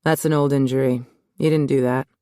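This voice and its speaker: A woman voicing a gruff, guarded male cop who speaks low and tersely in an audiobook. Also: fairly even intonation, brisk, warm tone, dry recording, clean studio sound.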